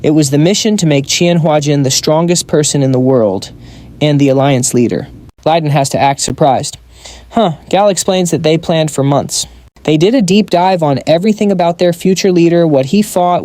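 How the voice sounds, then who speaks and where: A man tells a comic-book recap as scripted narration, keeping it brisk and wry with playful asides. His voice sits a little high for a man, soft and mellow in tone. The sound is close and dry, with no room around it. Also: no room sound.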